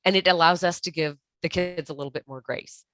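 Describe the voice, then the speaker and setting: A woman with a lowish, slightly bright voice speaks briskly and with fairly even intonation. She's a guest expert on toxic relationships in a podcast interview, offering earnest, direct advice and often restarting her sentences.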